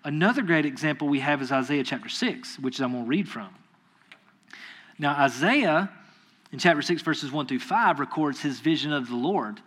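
A man's voice: a little high, lively intonation, normal speed, a bit bright. A man preaching a sermon in a casual, conversational way, acting out quoted voices and tossing asides to the audience. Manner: acts out quoted voices in retellings.

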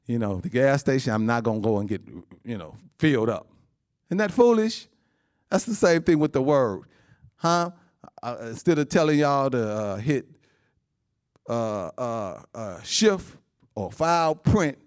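A male pastor delivering a sermon in an animated, call-and-response way, checking in with his congregation again and again. His voice sits in an ordinary middle register, jumping high and loud with excitement and laughing through his lines before falling to a soft, hushed prayer. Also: measured pace, smooth.

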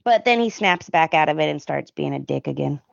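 Woman recapping a soap, lively retelling. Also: low-pitched, fairly quick, gravelly, no room sound, highs cut off. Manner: animated retelling, acts out characters' lines. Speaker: podcast co-host. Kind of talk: casual recap chat.

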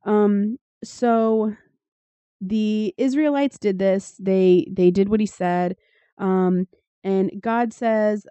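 Podcast co-host, female, dry irreverent reader with a mellow, dark voice, recorded close and dry. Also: mid-range voice, steady tone, measured pace, no echo. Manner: sardonic, swears freely, reads passages aloud with commentary. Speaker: podcast co-host reading scripture. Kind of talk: casual irreverent chat.

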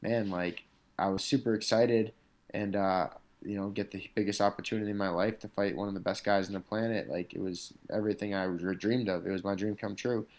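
A professional fighter talks as a guest in an interview, his fairly low, darkish voice moving along fairly quickly in a steady tone. He tells loose, meandering stories about his MMA career, leaning heavily on "like" and "you know."

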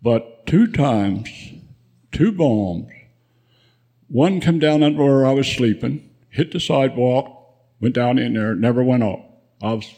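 A man's voice: medium pitch, unhurried, long pauses, warm tone. A man in his nineties, a veteran guest, telling rambling war memories with frequent chuckles at a live event. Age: 90s. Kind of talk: spoken war memoir.

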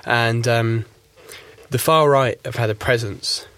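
A South Yorkshire Englishman with a nondescript accent speaks as a guest commentator in a radio studio discussion. His voice is medium-pitched and fairly bright, with fairly even intonation and a slow pace. He rambles through his views, leaning heavily on fillers like "you know" and "like."

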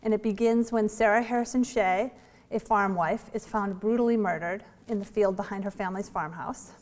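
A novelist in her forties telling the story behind her book in a chatty, animated way, with light laughs and fillers. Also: medium pitch, moderate pace. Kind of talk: storytelling author talk. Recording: long hall reverb.

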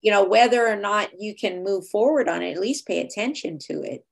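Gravelly-voiced woman podcast host. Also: medium pitch, lively intonation, fairly quick. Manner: chatty, laughs easily, conversational. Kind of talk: casual interview chat.

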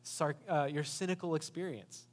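A man voicing an exasperated, trusting small-town female detective, high and indignant, in a sermon. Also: sing-song, moderate pace, exaggerated voice. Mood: sarcastic. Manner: sarcastic, indignant. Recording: long hall reverb.

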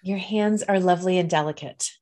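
A woman with a somewhat low voice co-hosts a casual spiritual podcast. She talks with warm, affirming enthusiasm. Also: a little fast, a little hiss or hum. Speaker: co-host. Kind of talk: casual chat.

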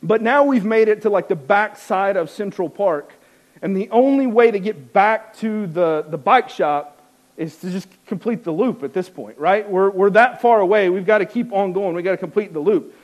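A man's voice: sits high, moderate pace. A man telling a wry, self-mocking personal story to an audience, with many restarts.

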